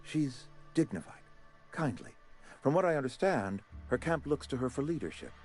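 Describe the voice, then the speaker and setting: A man voicing a pompous male company town administrator in a video game, talking in a formal, ornate and smoothly persuasive way. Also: medium pitch, expressive, normal speed, darkish tone, faint music behind, natural voice.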